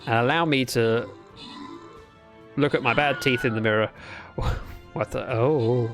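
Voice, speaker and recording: Soft music plays behind this unhurried, medium-pitched man from Britain. A streamer with a British English accent, he talks casually with his live chat while building in a game, voicing his thoughts as he goes.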